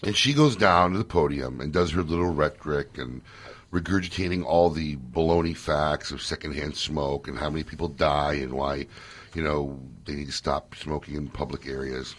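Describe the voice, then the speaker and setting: A man hosting a casual radio talk show from a studio, telling stories in an animated, joking way. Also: very deep voice, moderate pace. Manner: animated storyteller, loose and joking.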